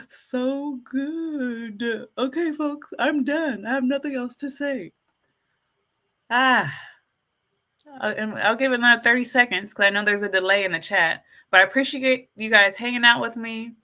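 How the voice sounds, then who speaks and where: Speaking at a measured pace with a voice on the high side, this YouTube live streamer addresses her audience as folks. Her casual talk turns animated and preachy, and she hypes herself up more and more as she goes.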